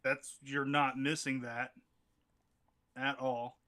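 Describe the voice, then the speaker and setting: A man co-hosting a casual chat, easygoing and quick to laugh along. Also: mid-range voice, flat delivery, sharp tone. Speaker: podcast co-host.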